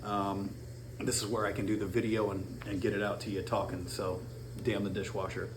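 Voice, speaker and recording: Low-voiced rambling man talking gear. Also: little pitch movement, moderate pace. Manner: rambling, slangy, self-interrupting. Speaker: guitar gear vlogger. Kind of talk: casual pedal demo talk. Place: home with a dishwasher running. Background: faint dishwasher noise.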